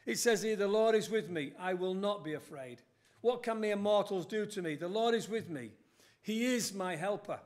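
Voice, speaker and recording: An older man delivers an earnest sermon in a church, his voice sitting notably high. He quotes scripture and lifts his emphasis as he goes. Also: expressive, moderate pace. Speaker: preacher.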